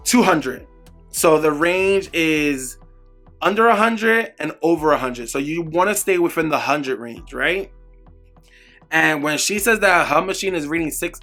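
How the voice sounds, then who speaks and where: A young man recounts a personal story straight to camera, candid and animated. His voice sits a little high and sounds bright. Soft music plays faintly underneath. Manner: animated, candid, acts out quoted exchanges. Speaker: vlogger.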